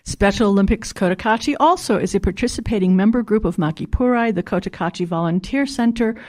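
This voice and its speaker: A woman hosting a community radio show, reading local announcements in a steady, clear manner. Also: mid-range voice, quick pace. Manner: steady, clear read-aloud delivery. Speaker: radio host.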